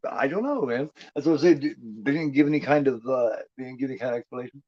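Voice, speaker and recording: A man's voice: medium pitch, warm tone, no room sound. A man giving casual, rambling watch-along commentary on a movie, laid-back and heavy on swearing. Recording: dull lo-fi, dry.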